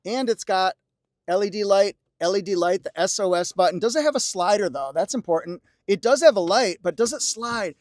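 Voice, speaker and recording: In clean studio sound with no echo, a high-pitched man gives a lively walkaround review of a car at a dealership lot and inside the vehicle. He points out features while adding playful asides and tongue-in-cheek song quotes.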